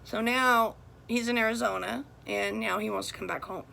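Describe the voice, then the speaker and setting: A woman's voice: medium pitch, fairly even intonation, moderate pace, creaky, sharp tone, slight background noise. A middle-aged woman talking straight to camera about her family, blunt and heated as she vents. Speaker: vlogger. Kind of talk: casual personal monologue.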